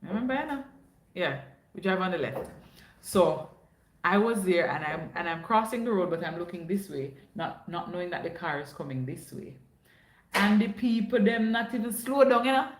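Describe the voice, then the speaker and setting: A woman's voice: fairly low pitch, animated, normal speed. A young woman with a Jamaican accent, hosting a casual livestream chat and telling stories, slipping into patois now and then. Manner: chatty storyteller, drops into patois. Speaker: livestream host. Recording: echoey room.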